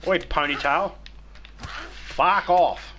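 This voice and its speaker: A man's voice: on the high side, slow pace, bright, forceful tone, a little hiss or hum. An Australian man chatting casually while streaming a game, crude and swearing heavily as he tells stories. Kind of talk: casual chat while gaming.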